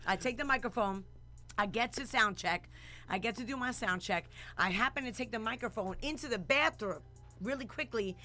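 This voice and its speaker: A woman hosting a casual radio talk show, telling stories in an animated, slangy way with laughs. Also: on the high side, normal speed, faint music behind.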